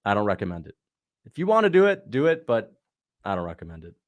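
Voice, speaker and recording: A man's voice: lowish voice, huge pitch swings, fast. A man hosting a casual watch-along livestream, chatting in a slangy way and answering viewers' questions. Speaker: livestream host.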